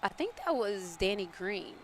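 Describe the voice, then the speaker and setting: A woman's voice: medium pitch, sing-song, normal speed. A woman giving casual live game commentary, chatty and playful, often laughing and teasing her co-host. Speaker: esports commentator.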